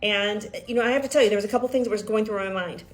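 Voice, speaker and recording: A woman's voice: mid-range voice, racing. A middle-aged woman telling a personal story to camera in a chatty, rambling way, often restarting and correcting herself. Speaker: vlogger sharing a personal health journey.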